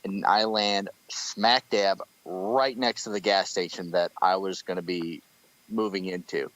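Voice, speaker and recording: A man's voice: low voice, steady tone, a little slow, a bit bright, no echo, poor audio. A man calling in to a radio show, earnestly recounting a personal story. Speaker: caller.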